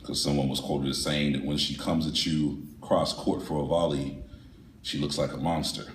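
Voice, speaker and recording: A man's voice: rumbling low, level tone, moderate pace, a little hiss or hum. A man performing spoken word poetry live at a venue, with a rhythmic, dramatic delivery. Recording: echoey room, voice far off.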